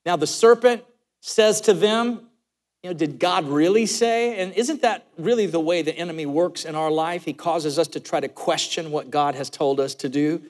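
High-voiced pastor in a reverberant church. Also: male voice, moderate pace. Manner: storytelling, animated, joking asides. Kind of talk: sermon. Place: church sanctuary. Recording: long hall reverb.

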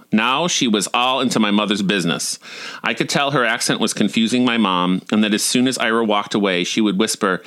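A man's voice: lowish voice, a little fast, a bit bright. A man in his forties reading his personal essays aloud in a wry, dryly comic way. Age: 40s. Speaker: storyteller.

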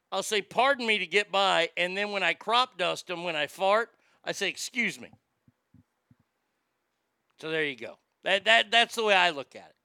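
A man's voice: high-pitched, gravelly, clear, resonant tone, no room sound, clean studio sound. A man streaming casually, mocking etiquette advice with a crude, sarcastic, profane manner. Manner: animated, jumps into loud shouts. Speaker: streamer reacting to etiquette tips.

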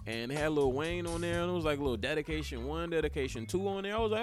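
A young man hosting his own sports podcast, talking casually and excitedly, cursing often and tossing in "man" and "yo" again and again. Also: on the high side, racing, few pauses, faint music behind. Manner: excitable, animated, swears freely, repeats "man" and "yo". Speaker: podcast host.

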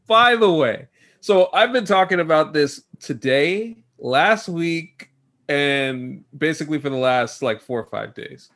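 A man in a casual podcast chat, excitable and halting, often restarting his sentences. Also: fairly high pitch. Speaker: podcast co-host.

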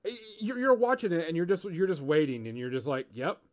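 A man's voice: fairly high pitch, very animated, fast. A man co-hosting a casual movie podcast, easygoing and laid-back as he tells about a film. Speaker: podcast co-host. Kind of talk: casual movie review chat.

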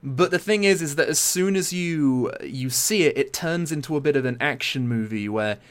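Young man, from Britain, casual chat, animated storytelling, quick impressions. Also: on the high side.

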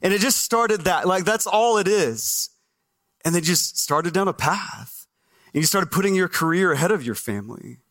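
A man with a high voice preaching a lively Sunday sermon from the stage. He talks straight to the congregation, quizzing them and acting out their excuses in funny voices. The sound has the feel of a church stage microphone. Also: normal speed. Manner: animated, asks the congregation questions, acts out listeners' voices. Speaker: pastor.

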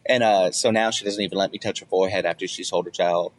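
A young man on a casual podcast, swearing a lot and joking as he tells stories, now and then jumping up high to act out other people. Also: fairly even intonation, fast, a little hiss or hum. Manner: profane, jokey storytelling with loud high-pitched bits when he acts out others. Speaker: podcast co-host.

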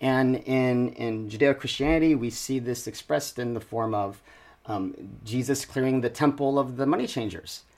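A man of ordinary middle pitch, co-hosting a relaxed conversation podcast. He thinks aloud, stops and restarts his sentences, and circles back while he looks for the right word. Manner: halting, searching for words with many restarts. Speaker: podcast co-host. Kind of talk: casual conversation.

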